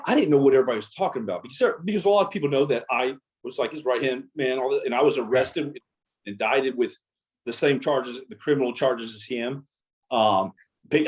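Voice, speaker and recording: A man, a former Navy SEAL guest, telling war stories in a casual interview and acting out the dialogue. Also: mid-range voice. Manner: animated storyteller, acts out quoted dialogue.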